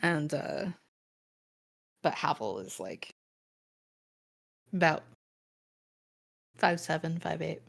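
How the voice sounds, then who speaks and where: Gravelly low-voiced woman game master. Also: expressive, slow pace, long pauses. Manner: rambling, many fillers and restarts. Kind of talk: narrating a tabletop game.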